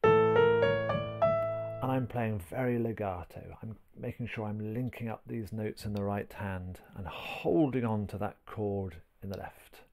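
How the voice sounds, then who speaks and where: A man teaching a piano piece step by step. He talks gently while he plays and counts the beats aloud. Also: fairly low pitch, slow. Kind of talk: piano tutorial, talking while playing. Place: indoors at a piano. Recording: talk over loud piano playing.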